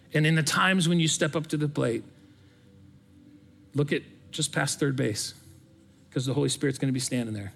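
A middle-aged man giving a sermon, earnest and conversational, telling stories from coaching softball. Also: on the high side, creaky. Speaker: pastor.

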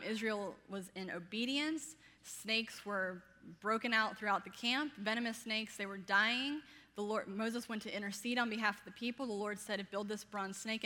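A woman in her thirties with a Southern American accent, preaching a sermon energetically and playfully, laughing often and speaking fast. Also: medium pitch, bright, forceful tone, long reverb tail. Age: 30s.

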